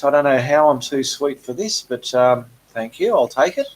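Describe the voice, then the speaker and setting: A man hosting a relaxed live painting Q&A, reading viewer comments aloud in a chatty way with frequent ums. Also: medium pitch, unhurried, hardly any pauses, rough recording. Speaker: painting channel host.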